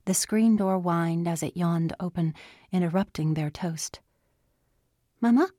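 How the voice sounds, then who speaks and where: A woman reading a novel aloud as narrator, slow and measured. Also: fairly low pitch, steady tone, warm tone, dry recording, clean studio sound. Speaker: audiobook narrator. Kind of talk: scripted narration.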